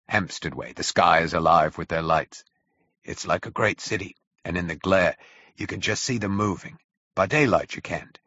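A male reader voicing a hoarse, wary soldier who has survived in hiding, speaking in terse, guarded lines. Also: sits low, fairly bright tone, no echo. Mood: confiding. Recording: dull, dry audio.

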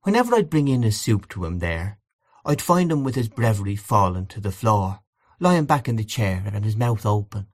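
A woman's voice: a bass voice, big pitch swings, normal speed, a little mellow, exaggerated voice. A man voicing a grieving elderly housekeeper who rambles in a wistful, confiding way. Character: grieving elderly Irish housekeeper, gossipy and plaintive.

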